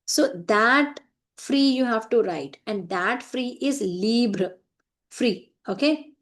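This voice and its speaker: A woman's voice: a little high, lively intonation, slow. A woman with an Indian English accent, teaching a French writing lesson patiently and checking understanding often. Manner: patient, repeats points, many "right?" checks.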